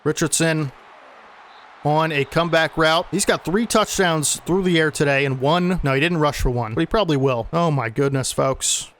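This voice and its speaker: A man's voice: a little high, moderate pace, a bit bright. A man giving casual play-by-play commentary on the football video game he is playing, sportscaster-style, often adding "man" and getting exasperated at bad plays. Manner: exasperated when plays go wrong. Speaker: gaming YouTuber.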